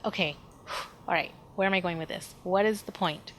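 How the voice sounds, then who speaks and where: Animated woman telling a story. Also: on the low side, normal speed, slight background noise. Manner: animated, emphatic, frequent sighs and fillers. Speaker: podcast host. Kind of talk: personal storytelling monologue.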